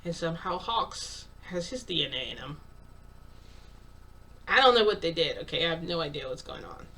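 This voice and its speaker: A woman's voice: low-pitched, animated, normal speed, pushed and bright, husky, far from the mic. A woman casually retelling a story in the first person, narrating dialogue with lots of "I'm like" and "he's like". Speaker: channel host telling a story.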